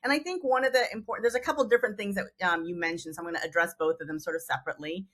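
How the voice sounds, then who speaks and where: A woman hosting an interview, explaining points in an animated way and acting out example quotes. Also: fairly low pitch, rapid-fire. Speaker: podcast host, mediator. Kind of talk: conversational interview.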